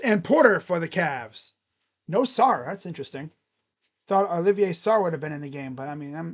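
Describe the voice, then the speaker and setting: Man, high-ish voice, live-stream play-by-play, swings between excited calls and muttered chat. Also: normal speed, pauses often. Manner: excitable calls that drop to mumbled asides. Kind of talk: casual live play-by-play commentary.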